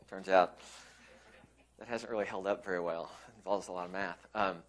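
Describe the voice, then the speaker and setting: A man's voice: sits low, fairly even intonation, normal speed. A man presenting a conference session, conversational, with frequent restarts, acting out quoted colleagues. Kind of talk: conference talk.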